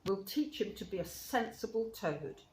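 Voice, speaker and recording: A woman's voice: mid-range voice, expressive, moderate pace, darkish tone, natural voice. A woman voicing an eager, cheerful small male mole in a storybook reading, with squealing, delighted exclamations. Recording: roomy with faint hiss.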